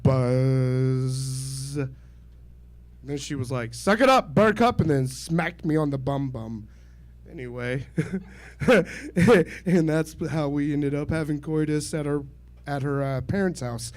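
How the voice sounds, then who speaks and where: This open-mic stand-up set comes from a man in his thirties on a small club mic in a little comedy venue. His pitch is high and his pace slow, and his humor is dry and self-mocking, punctuated by chuckles at his own jokes.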